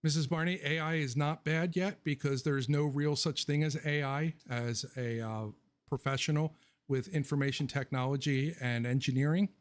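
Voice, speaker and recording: A man's voice: fairly high pitch, fairly even intonation, normal speed. Rambling, joking male livestream host. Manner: rambling and joking, laughs often; blunt and opinionated. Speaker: livestream host answering viewer questions. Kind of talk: casual livestream Q&A chat.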